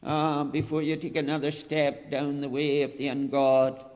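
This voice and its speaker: A man preaching a sermon, earnest and deliberate, repeating his phrases and rising to emphatic pleading. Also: a little high, monotone, darkish tone. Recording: dull lo-fi recording with long hall reverb.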